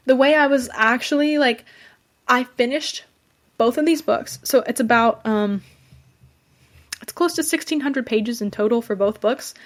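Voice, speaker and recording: A young woman hosting a podcast, giving an excited, chatty recap of a fantasy book with lots of fillers and restarts. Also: a little high. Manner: gushing, enthusiastic, fangirling. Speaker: podcast host. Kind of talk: casual book review recap.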